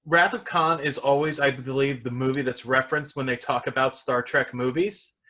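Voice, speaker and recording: A man's voice: medium pitch, fairly even intonation, moderate pace, sharp tone. A man hosting a podcast, chatting casually with guests and making wry, joking asides. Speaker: podcast host. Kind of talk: casual chat.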